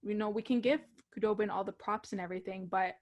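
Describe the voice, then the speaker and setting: A woman's voice: medium pitch, fairly even intonation, fast, darkish tone. A young woman co-hosting a casual hockey talk show, chatty and laughing often. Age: young adult. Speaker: co-host.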